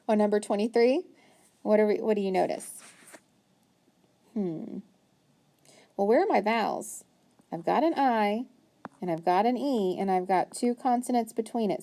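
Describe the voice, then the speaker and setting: Female teacher, phonics lesson, calm and patient, sounds words out slowly for small children. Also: mid-range voice.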